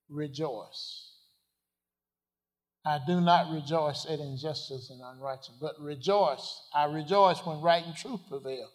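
A man preaching a sermon, asking the congregation questions and swinging from quiet asides to loud declarations. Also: fairly high pitch, measured pace. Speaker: pastor.

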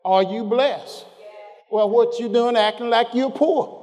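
A man preaching a sermon, questioning his congregation and drawing out scripture slowly before rising in pitch as he builds. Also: a little mellow, big-room sound. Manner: call-and-response, questioning the congregation.

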